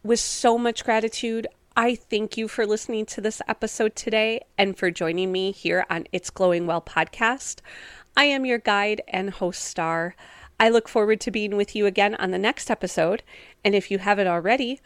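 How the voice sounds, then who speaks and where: A woman's voice: mid-range voice, moderate pace, a bit bright, clear, resonant tone, no room sound. A woman hosting a solo wellness podcast, talking in an upbeat, encouraging, chatty way with casual fillers. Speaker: podcast host and wellness coach.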